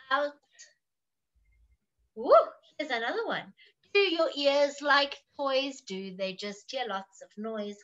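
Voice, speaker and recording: A woman teacher reading stories aloud to children in an expressive, sing-song way, then signing off warmly. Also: sits high, dull audio. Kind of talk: story time reading to children.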